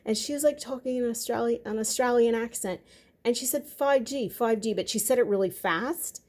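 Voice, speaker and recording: Mellow-voiced woman rambling casually. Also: a little high, a little fast. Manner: rambling, conversational, with frequent fillers. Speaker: vlogger. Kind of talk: casual monologue.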